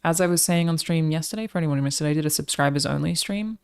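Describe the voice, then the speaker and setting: Australian woman streamer with a creaky, gravelly voice; chatty and swears freely. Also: low voice, quick pace, darkish tone. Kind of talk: casual chat to a live stream audience.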